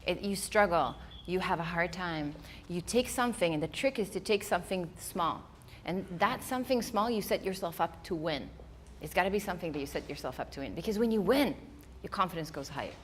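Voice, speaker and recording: A woman's voice: lowish voice, a little fast, few pauses. Woman speaker, english not her first language, acts out her own thoughts, faint room hum behind. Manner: animated storytelling, acting out her own inner voice. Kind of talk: motivational talk. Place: event hall before a live audience.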